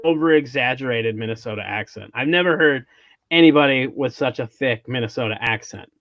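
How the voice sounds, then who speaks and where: A man's voice: medium pitch, a little fast, a bit bright, dry recording, dull audio. A man hosting a podcast, chatting casually and telling a story, often restarting his sentences. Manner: rambling storyteller, restarts, mock Minnesota accent in quotes. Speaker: podcast host. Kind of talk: casual chat.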